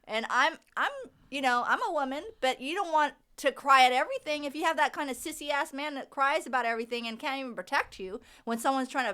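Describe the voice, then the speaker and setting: A woman's voice: sits high, sharp tone, smooth. A woman co-hosting a podcast with her husband, giving blunt, opinionated views in a conversational way. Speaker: podcast co-host. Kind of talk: casual podcast chat.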